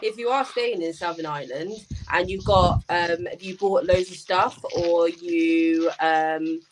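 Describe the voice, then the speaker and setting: A woman explains a tip as a guest on a stream, pausing and restarting as she goes. She speaks over a video call. A faint hiss runs behind her. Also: lowish voice. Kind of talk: casual chat on a video call.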